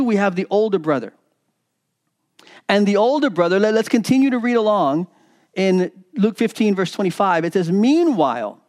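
A man's voice: high voice, darkish tone. A man preaching a sermon as pastor, retelling a parable with repeated words and acted-out quoted lines. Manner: preaching with repetitions, acting out quoted voices.

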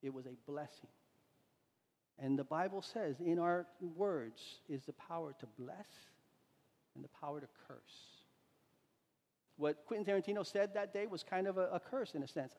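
High-voiced preacher in a reverberant hall. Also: male voice, normal speed, pauses often, darkish tone. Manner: conversational storytelling with frequent restarts. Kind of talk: sermon.

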